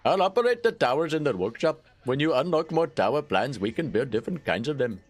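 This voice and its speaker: A man voicing a male tower-building craftsman in a deliberately clumsy put-on Indian accent, explaining things step by step. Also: a little high, sing-song, voice pushed up.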